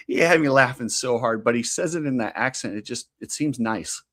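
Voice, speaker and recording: A man co-hosting a casual motocross talk show, opinionated and quick to laugh. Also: medium pitch, animated, fairly bright tone. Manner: chatty, opinionated, laughs easily. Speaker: podcast co-host.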